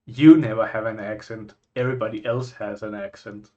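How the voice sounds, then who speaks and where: A man from Scandinavia, a vlogger reacting to places in casual chat, musing and thinking out loud with frequent restarts. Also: lowish voice, fairly even intonation, moderate pace, highs cut off.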